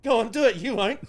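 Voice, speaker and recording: A man co-hosting a podcast, ranting sarcastically and swearing freely in casual banter. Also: very high voice. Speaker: podcast co-host.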